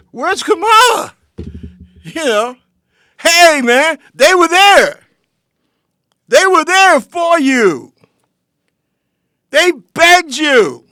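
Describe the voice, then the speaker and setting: A man with a very high, bright, forceful voice delivers a political commentary monologue as host of his own show. He takes his time, talking slowly and lecturing his listeners head-on in a confrontational tone. The sound is dry and close, with no room around it. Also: no room sound.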